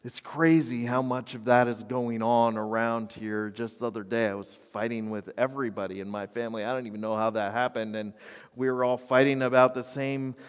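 A man preaching a sermon, telling stories with animated, self-deprecating humor. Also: medium pitch, brisk, smooth, in a large hall. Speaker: pastor.

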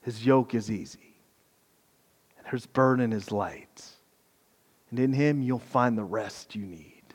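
A man preaching a sermon with passion, swinging between quiet reflection and loud pleading, with casual asides. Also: mid-range voice, slow pace, husky. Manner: impassioned, swings from soft to loud. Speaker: pastor. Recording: long hall reverb.

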